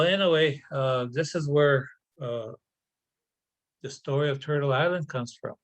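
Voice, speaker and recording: A man's voice: medium pitch, a bit bright, low-quality recording. Man telling a traditional tale. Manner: halting, repeats words, conversational asides. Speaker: storyteller. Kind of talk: oral traditional storytelling.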